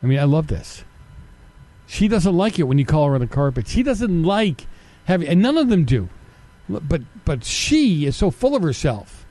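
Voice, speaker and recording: A man's voice: on the high side, big pitch swings, normal speed, dark tone. A middle-aged man hosting a political commentary show, delivering a combative, sarcastic opinion monologue full of rhetorical questions.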